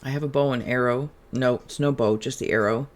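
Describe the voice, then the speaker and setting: A tarot reader hosting a relaxed, channeled reading, who talks in a musing, chatty way and drifts into humming and asides. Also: medium pitch, fairly quick.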